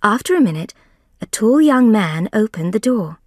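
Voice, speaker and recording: A woman reading a graded story aloud for English learners, careful and deliberate. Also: mid-range voice, sing-song, dry recording, clean studio sound.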